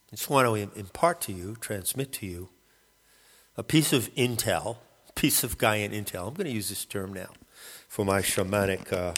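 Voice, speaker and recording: A man calling himself a shaman, rambling through a halting spoken monologue and often searching for the right word. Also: on the low side, a bit bright, long reverb tail. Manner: halting, searching for words, many restarts. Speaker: self-described shaman.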